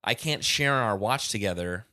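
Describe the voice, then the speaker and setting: A man's voice: lowish voice, lively intonation, moderate pace, pushed and bright, no echo. Man co-host, eager rambling chat on a call, dry mic. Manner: enthusiastic, rambling with restarts. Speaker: podcast co-host.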